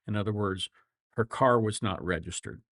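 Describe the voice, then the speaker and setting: A middle-aged man with a flat Midwestern accent, a lawyer hosting a casual livestream, rambling through folksy stories and chuckling often. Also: fairly low pitch, moderate pace, no echo, clean studio sound. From grew up all over the world.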